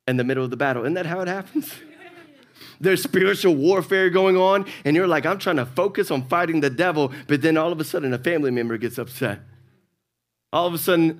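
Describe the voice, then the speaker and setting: A male pastor with a Southern US accent, preaching a sermon and acting out the characters in his stories. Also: a little high. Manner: animated storytelling, acts out characters.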